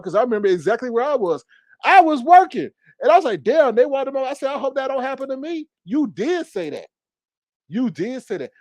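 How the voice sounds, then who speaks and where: A sassy man rants straight into his phone from home, animated and quick to climb higher when he gets riled. His voice sits a little on the high side. The sound is close and dry, with no room around it. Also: dry recording. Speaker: commentary vlogger. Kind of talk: casual commentary rant.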